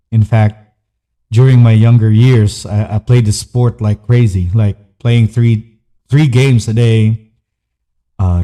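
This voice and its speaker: Man with a very dark, mellow voice. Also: medium pitch. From Philippines. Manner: earnest, candid, speaks in short listed phrases. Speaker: podcast host. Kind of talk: personal storytelling monologue.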